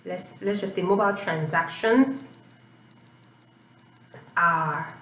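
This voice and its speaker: Female exam tutor, lowish voice, patient explainer, sits back from the mic in an echoey room. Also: slow, a bit bright, far from the mic, slight background noise. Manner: patient, repeats points with "you know" and "okay?". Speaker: IELTS teacher.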